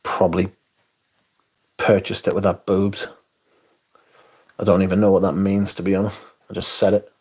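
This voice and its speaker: A man's voice: low-pitched, flat delivery, normal speed, long pauses, a little mellow, slightly rough. A man hosting a casual livestream, sweary and sardonic, reading chat aloud as he talks. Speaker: livestream host.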